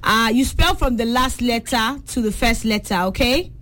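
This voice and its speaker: A young Nigerian woman hosting a call-in spelling quiz, saying each word slowly and clearly. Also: fairly high pitch, fairly bright tone. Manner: pronounces quiz words slowly and deliberately. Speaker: radio quiz host.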